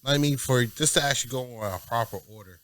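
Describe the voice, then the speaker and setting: A man co-hosting a casual music review podcast, relaxed, often checking in with "you know what I mean?". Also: medium pitch, fast talker. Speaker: podcast co-host.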